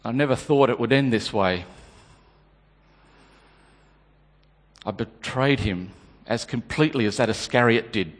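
A man's voice: medium pitch, a little fast, lightly acted. A man performing a dramatic monologue as a remorseful male disciple, stammering and repeating his words. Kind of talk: dramatic first-person monologue. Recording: long hall reverb.

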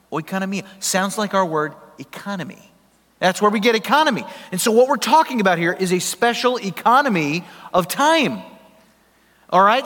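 A pastor preaching a sermon in a conversational, emphatic way, asking the congregation questions. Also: male voice, high-pitched, a bit bright. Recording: long hall reverb.

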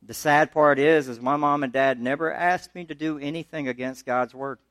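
A man preaching a sermon as pastor, talking through scripture in a conversational way and pushing his voice higher when he presses a point. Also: steady tone, moderate pace, a bit bright, no room sound. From United States.

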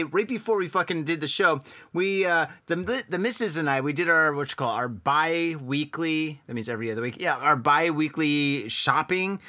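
A bright-voiced man co-hosting a late-night podcast, talking loosely and crudely. His pitch swings widely as he rambles, relaxed and full of swearing. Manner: rambling, profane, laid-back. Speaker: podcast co-host. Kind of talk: crude casual banter. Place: home in Tokyo.

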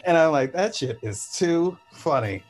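A man's voice: a little high, lively intonation, unhurried, faint music behind. A man in casual chat, reacting to a friend's story with wry, teasing remarks.

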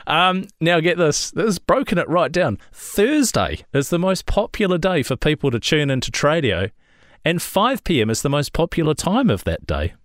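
A man with a New Zealand accent hosting a casual podcast chat, chatty and quick to laugh, calling his co-host mate. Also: fairly high pitch, very animated, no echo, studio quality.

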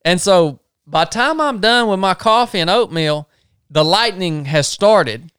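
A man's voice: sits high, lively intonation, measured pace, fairly bright tone, clean tone, no echo, studio quality. Folksy man telling a camp tale. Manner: drawling, folksy storyteller. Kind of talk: spoken trip log then storytelling. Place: river camp on a sandbar.

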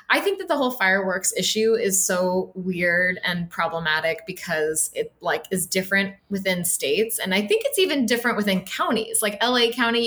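A woman with a sharp, medium-pitched voice co-hosts a podcast, chatting casually about politics. She uses many fillers and speaks with a sarcastic edge.

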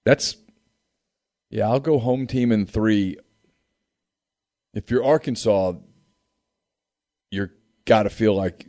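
A man co-hosting a sports podcast, easygoing and quick to agree with his partner. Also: lowish voice, darkish tone, no echo, clean studio sound. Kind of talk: casual sports talk.

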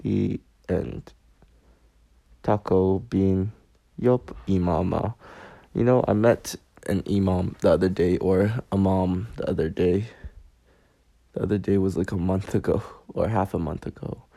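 Young male podcast host, goofy rambler, slow gravelly delivery, dark dry sound. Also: low-pitched, fairly even intonation, no echo. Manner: goofy, rambling, self-mocking. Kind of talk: rambling solo podcast chat. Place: bedroom, on a squeaky bed.

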